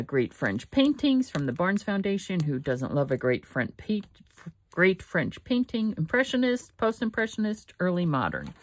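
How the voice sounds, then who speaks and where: An older woman hosting a casual craft vlog from her home studio, rambling and correcting herself as she thinks aloud. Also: fairly low pitch. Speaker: craft channel host.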